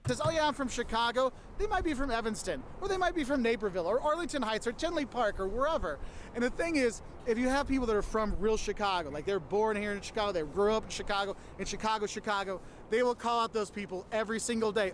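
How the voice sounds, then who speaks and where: A man's voice: high voice, fast talker, slight background noise. A man talking casually to camera as a travel vlogger, giving chatty, explanatory advice about a city with a light humorous touch.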